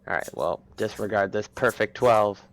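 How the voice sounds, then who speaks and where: A man's voice: on the low side, moderate pace, rough recording. A man playing a tabletop game, grumbling impatiently at his dice rolls. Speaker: player. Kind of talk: casual tabletop game chat.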